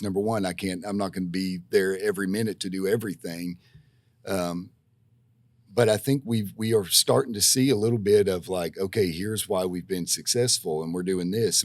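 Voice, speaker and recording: Low-voiced rambling man. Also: no room sound. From Tennessee, USA. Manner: rambling, many restarts and fillers, folksy storytelling. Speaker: physical therapist guest. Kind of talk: casual podcast conversation. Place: podcast studio.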